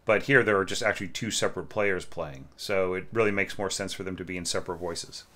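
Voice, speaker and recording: A man with a lowish voice talks through a critique of a student's orchestration. His delivery is loose and conversational, full of "you know" and "right?", and he breaks into humming the melody lines to make a point. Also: fast talker, a bit bright, a little hiss or hum. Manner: loose and chatty, full of fillers, hums melody lines aloud. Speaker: orchestration teacher reviewing a student score. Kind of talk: casual spoken critique.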